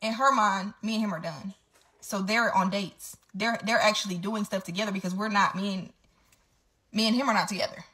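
A woman's voice: mid-range voice, fairly even intonation, fairly quick, bright, forceful tone. A woman telling her story straight to camera in a casual storytime vlog, candid and swearing freely.

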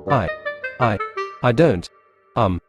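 A man's voice: mid-range voice, expressive, slow pace. A man voicing a shy, nervous young male engine who stammers and hesitates, for a fan storybook tale with music behind.

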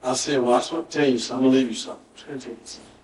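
A man's voice: medium pitch, fairly even intonation, very fast, a little mellow. A male pastor, preaching a sermon in a church and telling a story, acting out the dialogue with emphatic repetition. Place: church sanctuary. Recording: roomy church audio, mic at a distance.

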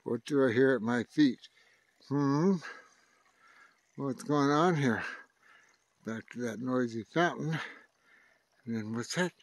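A man's voice: medium pitch, takes it slowly, long pauses, no room sound. An older man talking casually to his dog, coaxing and teasing it with mild curses. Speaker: dog owner playing with his pet.

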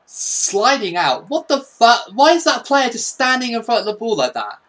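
Excitable man commentating gameplay. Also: extremely high pitch, normal speed. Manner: excitable, sweary, mock-patriotic. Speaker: gaming YouTuber.

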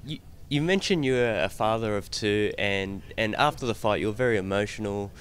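A man asking questions as a reporter at a press interview, halting and repeating words as he builds a question. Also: on the low side, slight background noise.

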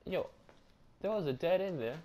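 Young man, casual horror game commentary, loud and joking, slangy, faint noise. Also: on the high side, expressive, normal speed. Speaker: gameplay streamer.

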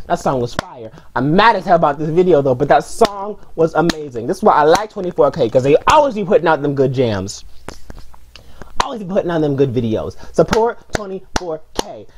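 A woman's voice: lowish voice, background noise. A young woman hosting a music video reaction vlog, talking casually and ranting in slang. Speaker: reaction channel host.

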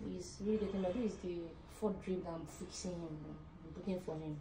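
A woman, working as a nurse, giving calm and firm reassurance and instructions. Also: on the low side, brisk, recorded from a distance, a little hiss or hum. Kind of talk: casual instructions. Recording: roomy, off-mic.

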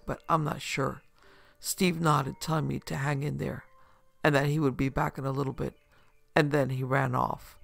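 A man narrating a first-person horror story in a steady, scripted telling. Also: on the high side, creaky.

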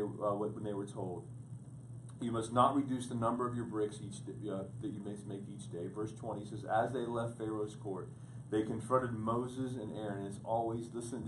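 Man, pastor, sermon, repeats words building to loud points, roomy church sound, faint ambience. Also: on the low side, slight background noise. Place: church sanctuary. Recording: echoey room picked up from a distance.

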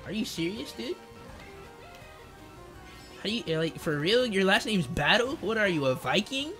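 A young man streaming a kart racing game, chatting in slang, joking, reading chat aloud and yelling at the game. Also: high voice, sing-song, a little slow. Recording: faint game music behind.

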